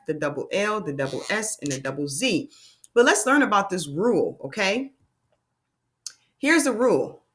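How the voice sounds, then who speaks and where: A woman teaching a children's phonics lesson, upbeat and drawn-out, sounding out letters for young kids. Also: medium pitch, a bit bright.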